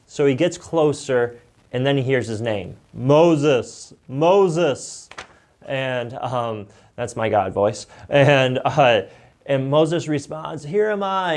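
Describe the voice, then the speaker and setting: Conversational male church teacher. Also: mid-range voice. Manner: conversational with frequent fillers. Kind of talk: online Bible lesson review.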